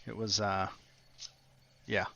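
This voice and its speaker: A man's voice: lowish voice, little pitch movement, slow pace, vocal fry, sharp tone, no room sound, dull audio. A man running a tabletop game as game master, narrating in a rambling way with many fillers.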